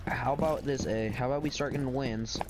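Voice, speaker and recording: A man's voice: medium pitch, a little fast. A man streaming an online game, talking bluntly and irritably to teammates in voice chat. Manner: blunt, irritable, swears a lot. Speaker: streaming gamer.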